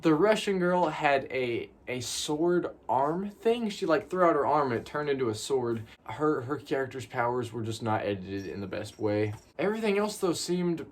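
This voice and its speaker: A man's voice: mid-range voice, lively intonation, moderate pace, hardly any pauses. A young man giving a casual, rambling movie review, often repeating words and saying "like".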